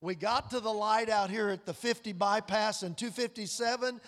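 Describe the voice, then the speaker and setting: A man preaching a sermon in a folksy, storytelling way, dropping to quiet, drawn-out emphasis. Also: high-pitched, steady tone, long reverb tail. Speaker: pastor.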